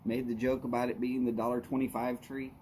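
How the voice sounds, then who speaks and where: A man's voice: medium pitch, little pitch movement, a little fast, a little mellow, slight background noise. A man, casually chatting with viewers on his live stream, greeting them by name in an easy drawl. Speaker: livestream host. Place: outdoors at his house.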